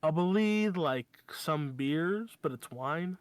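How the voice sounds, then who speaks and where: A man playing a character in a tabletop game, answering in a hesitant, halting way. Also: on the high side, expressive. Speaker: player.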